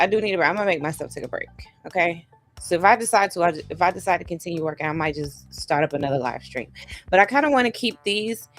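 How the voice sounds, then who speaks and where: A woman hosting a writing livestream, chatting casually and encouraging viewers, her voice shaking from a vibration plate. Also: medium pitch. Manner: chatty, encouraging, uses y'all and sis. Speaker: livestream host of writing sessions.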